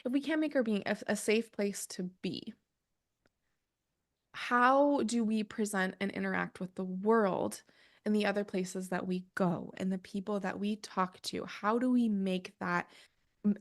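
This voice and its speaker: A woman's voice: medium pitch, gravelly. Earnest woman guest thinking aloud. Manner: earnest, thinks aloud with tangents and self-corrections. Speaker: podcast guest. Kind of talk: conversational podcast interview.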